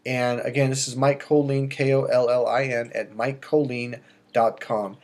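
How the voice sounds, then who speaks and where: A middle-aged man, a dating coach, giving emphatic advice straight to camera, swinging between loud bursts and quiet asides. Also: medium pitch, level tone, normal speed. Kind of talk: direct-to-camera advice monologue.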